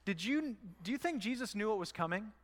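A man's voice: sits high, animated, a little fast, fairly bright tone, long reverb tail. A man preaching a sermon as pastor, talking to the congregation in a conversational way and asking them rhetorical questions. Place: church hall.

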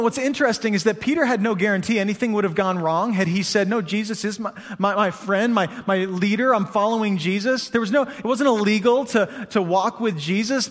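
Brief: male pastor, higher voice, casual preaching style, church hall with long reverb. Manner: conversational preaching with rhetorical questions. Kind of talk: sermon.

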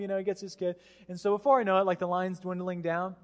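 A pastor preaching a sermon, telling a story with lively acted-out voices. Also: male voice, high voice, quick pace, few pauses. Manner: animated storyteller, acts out voices. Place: church hall. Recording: hall reverb.

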